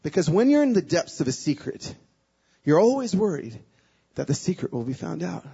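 A man giving a sermon as a guest speaker, telling a personal story with emotion, moving between hushed and loud, pleading passages. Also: a little high, sing-song, normal speed, vocal fry, husky, muffled recording.

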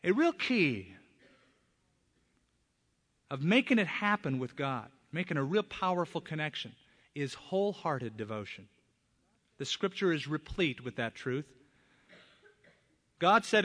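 A man's voice: on the high side, sing-song, unhurried, long pauses. A man preaches with a slightly raised, emphatic voice, pressing hard on key words. His sermon carries a long reverb from a large church hall. He speaks as a pastor from the pulpit. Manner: emphatic, rising to loud stresses on key words.

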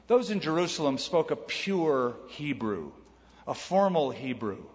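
A man preaching a sermon in a conversational way, tossing in quick quoted asides. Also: on the high side, sing-song. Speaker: pastor. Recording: dull sound with long hall reverb.

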